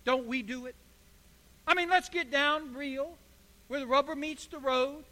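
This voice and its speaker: A man's voice: very high voice, steady tone, measured pace, bright, forceful tone. A man preaching a sermon as pastor, building to emphatic bursts. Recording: echoey hall.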